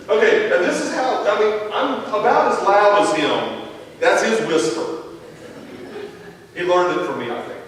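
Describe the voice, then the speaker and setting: A man's voice: very high-pitched, drawn-out words, long pauses. A man pastor giving a sermon with a Midwest American accent, telling a family story and acting out the dialogue. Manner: animated storytelling, acts out dialogue. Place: church sanctuary. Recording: echoey church hall from far off, faint noise.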